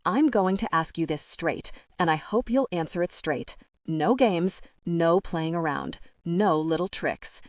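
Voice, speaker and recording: A woman reader voicing a sharp, theatrical, suspicious young woman who accuses and bristles. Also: fairly low pitch, expressive, a little slow, few pauses, no room sound, clean studio sound, far from the mic. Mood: accusing.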